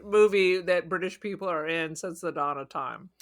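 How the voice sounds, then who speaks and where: A woman's voice: on the low side, moderate pace. A woman co-hosting a podcast, teasing wryly while chatting about movies. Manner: wry, teasing. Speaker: podcast co-host. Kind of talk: casual movie chat.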